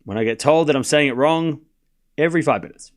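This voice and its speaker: Casting: young Australian man, slightly high voice, loose rambling stream commentator. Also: a little fast. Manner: rambling and chatty, calling scores between asides. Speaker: host doing live tennis commentary. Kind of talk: casual live-stream commentary.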